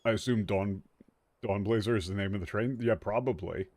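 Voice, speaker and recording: Young male streamer, tired but animated, joking game commentary, dry close sound. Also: on the low side, brisk, no room sound. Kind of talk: let's-play commentary. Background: faint game music.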